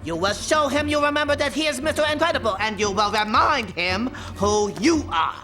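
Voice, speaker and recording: A woman voicing an imperious, eccentric female fashion designer who talks in brisk, commanding, theatrical bursts, in a film clip. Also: high-pitched, bright, forceful tone. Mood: scolding. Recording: film clip over music. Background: film score.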